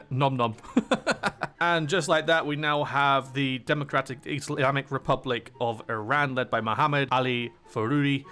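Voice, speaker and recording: A young man talks through a strategy game in a loose, chatty way, drifting between asides and quips and laughing at his own jokes. His voice sits at a middling, everyday pitch. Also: fairly even intonation, normal speed, few pauses, bright, forceful tone, smooth. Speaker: gaming channel host. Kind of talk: casual strategy game commentary.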